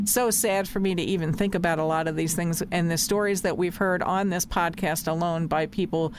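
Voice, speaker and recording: A woman's voice: fairly low pitch, steady tone, brisk, background noise. A woman hosting a podcast in casual talk, passionate and emphatic, often repeating her points. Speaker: podcast host.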